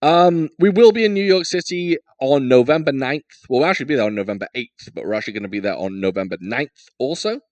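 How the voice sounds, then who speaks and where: A man's voice: medium pitch, lively intonation, fast, few pauses, no room sound. Jokey, rambling man hosting a podcast. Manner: jokey, rambling, lots of fillers. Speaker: podcast host. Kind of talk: casual podcast chat.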